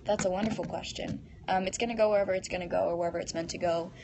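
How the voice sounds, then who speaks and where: A woman's voice: on the low side, fairly even intonation, rapid-fire, noisy background. A teenage girl hosting a casual live stream, reading fan comments aloud and answering them in a bubbly, giggly way into a phone.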